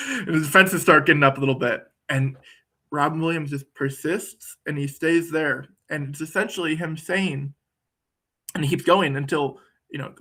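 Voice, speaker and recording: A man's voice: fairly high pitch, expressive, normal speed, sharp tone. A man talking in a thoughtful, conversational way, often repeating words while he searches for them. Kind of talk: reflective conversational talk.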